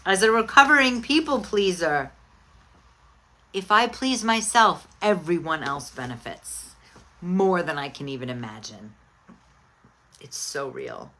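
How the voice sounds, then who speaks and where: A woman's voice: on the low side, animated, measured pace, long pauses, bright, forceful tone. A middle-aged woman host in casual, candid chat, talking expressively about her week.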